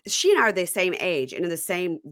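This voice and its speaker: A middle-aged woman from Mississippi hosting a podcast, chatting casually with quick asides and frequent laughter. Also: lowish voice, very animated, a bit bright, no room sound. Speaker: podcast host. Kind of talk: casual chat.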